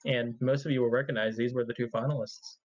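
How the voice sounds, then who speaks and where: A man's voice: mid-range voice, fairly even intonation, fast, darkish tone, highs cut off. A man presenting esports award results, listing records and win rates in a plain manner. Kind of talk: reading results in casual chat.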